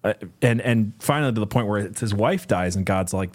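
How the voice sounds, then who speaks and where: A man's voice: fairly low pitch, brisk. A man co-hosting a Bible study, talking through his thoughts in a casual, rambling way. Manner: thoughtful, rambling, with many fillers and restarts. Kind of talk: casual conversational commentary.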